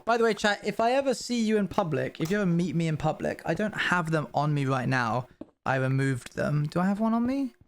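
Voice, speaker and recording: A man's voice: a little high, animated. Upbeat British man chatting with viewers. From Britain. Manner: chatty, upbeat, answers chat questions in quick bursts. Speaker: streamer. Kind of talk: casual livestream chat with viewers.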